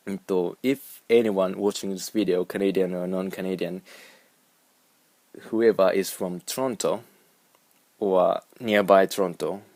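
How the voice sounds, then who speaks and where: Man, japanese accent, low creaky voice, dry close sound, rambling vlog chatter. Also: steady tone, a little slow, darkish tone, no echo. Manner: rambling, musing aloud, repeating words. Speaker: vlogger. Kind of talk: casual vlog talk.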